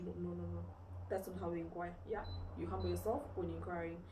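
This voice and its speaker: A woman preacher on the low side of pitch speaks quickly in an informal sermon, vividly retelling a story with rhetorical questions and lots of "you know". She's far from the mic, the sound is roomy, and the background is noisy.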